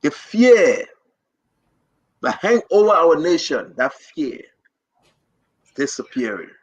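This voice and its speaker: A man's voice: on the high side, sing-song, slow, slightly rough, dry recording, lo-fi sound. A man with a Liberian accent hosting a livestream, giving an impassioned political address to his online viewers with rousing, repetitive rallying cries. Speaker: livestream host.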